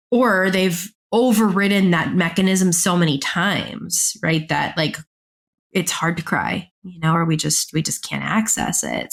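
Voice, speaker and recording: Thirties woman, therapist guest on a podcast; slightly low pitch, thoughtful explanatory delivery. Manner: reflective, explanatory, acts out quoted thoughts. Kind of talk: casual podcast conversation.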